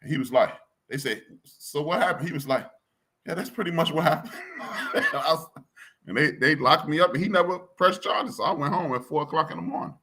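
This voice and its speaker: A man with a Chicago accent, a podcast co-host telling a story in a slangy, blunt, animated way. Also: on the high side, a little fast, breathy edge. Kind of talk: casual chat, storytelling.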